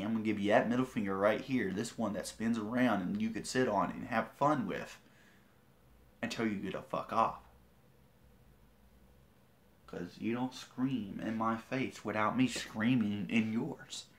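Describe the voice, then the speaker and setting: A man telling a story on a livestream, swearing a lot and talking in a defiant, boastful way. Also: lowish voice. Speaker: vlogger. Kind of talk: livestream rant.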